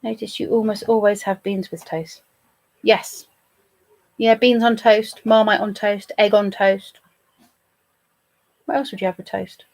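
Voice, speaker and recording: A woman's voice: medium pitch, level tone, a little slow, long pauses, darkish tone. Chatty British woman live streaming. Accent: British English. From England. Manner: chatty and playful, talking to viewers. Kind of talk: casual live stream chat.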